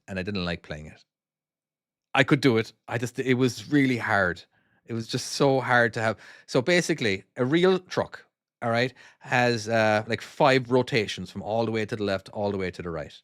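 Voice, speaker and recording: A man's voice: mid-range voice, no echo, clean studio sound. A man with a Cork Irish accent, an Irish former truck driver, streaming a trucking game and chatting casually with viewers in a rambling way, restarting sentences and checking in with "all right?". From Ireland. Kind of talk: casual live-stream commentary reading chat.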